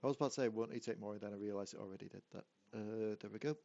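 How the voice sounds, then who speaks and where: A man's voice: lowish voice, very fast, creaky, a little mellow, dull audio. A man, narrating as game master in an easygoing, descriptive way.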